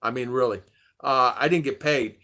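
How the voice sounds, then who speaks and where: A man's voice: mid-range voice, moderate pace, bright, forceful tone. An older man, host of a casual chat stream, rambling through a story and acting out the quoted dialogue with animation.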